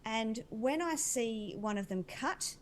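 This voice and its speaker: A woman's voice: fairly high pitch, lively intonation, slow pace, slight background noise. A woman acting as an animal communicator, describing intuitive visions in an earnest, dreamy, winding way.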